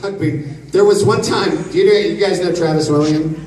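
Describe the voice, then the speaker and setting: A man answering questions on a convention panel, telling jokey stories in an animated way. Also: on the high side, brisk. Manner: joking, animated storyteller. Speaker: voice actor convention panel guest. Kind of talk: casual panel Q&A storytelling. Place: large convention hall. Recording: echoey hall from far off. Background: audience crowd noise.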